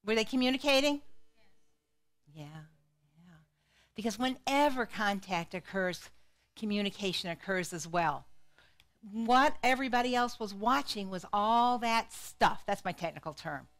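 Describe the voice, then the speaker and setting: A middle-aged woman psychologist giving a lively, interactive talk to a live audience, often putting questions to the crowd. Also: medium pitch, moderate pace. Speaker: psychologist and speaker.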